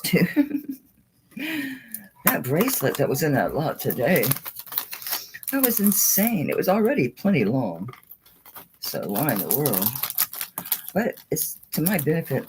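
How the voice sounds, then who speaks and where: A woman's voice: extremely low pitch, huge pitch swings, measured pace, pauses often, a little mellow, a little hiss or hum, poor audio. A woman running a live online jewelry auction in casual chat, cooing at her dog between bids.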